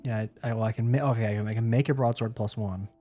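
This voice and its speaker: A man's voice: fairly low pitch, steady tone, fast, warm tone, faint music behind. Rambling joking male streamer. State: sleepy, yawning. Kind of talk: casual gameplay commentary.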